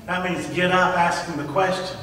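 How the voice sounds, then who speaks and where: A pastor preaching with emphatic rhetorical questions and call-and-response. His voice sits a little high for a man. It is picked up from a distance and rings through a long, reverberant church hall over faint room noise. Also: fairly even intonation, moderate pace, a bit bright. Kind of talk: sermon. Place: church sanctuary.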